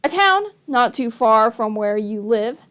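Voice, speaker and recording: A woman reading a children's novel aloud, with measured, wry storytelling. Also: on the high side, lively intonation, fairly bright tone, smooth.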